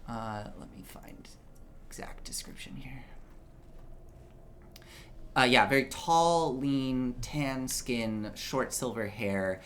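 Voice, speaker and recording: A man's voice: medium pitch, slow, long pauses, a bit bright, slight background noise. A man running a tabletop game as game master, narrating in a loose, chatty way full of fillers.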